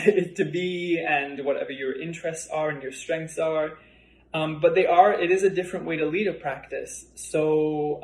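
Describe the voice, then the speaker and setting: A male yoga teacher in a relaxed, conversational workshop demonstration, chuckling lightly as he talks through poses and cues. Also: on the high side. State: a little out of breath. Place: yoga studio. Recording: roomy studio echo.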